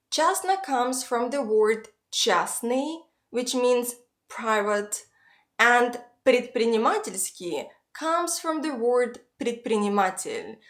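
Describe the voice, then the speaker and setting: Woman w teaching pronunciation, kinda high voice, slow careful delivery. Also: fairly bright tone. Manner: slow, careful modeling of Russian words. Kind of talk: scripted online language lesson.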